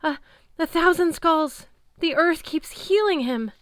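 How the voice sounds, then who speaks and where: A woman's voice: very high-pitched, quick pace, no room sound, pitched above the performer's own voice. A woman voicing a frantic, haunted teenage boy who raves in a shrieking, breaking voice. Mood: terrified raving. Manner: panicked yelling.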